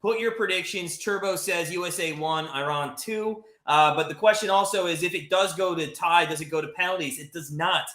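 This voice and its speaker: A man's voice: sits high, fairly quick, few pauses, sharp tone, roomy sound. An American man hosting a live watch-party stream, upbeat and talking to the chat viewers. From United States.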